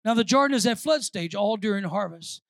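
A woman pastor preaching a sermon, moving between quiet asides and shouted, repeated phrases for emphasis. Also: medium pitch, lively intonation, brisk, creaky, dry recording.

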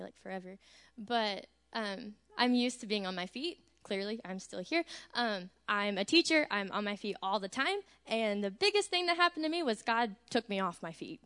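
A woman, a teacher, telling an energetic and animated church testimony about a mission trip. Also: fairly high pitch, clean tone.

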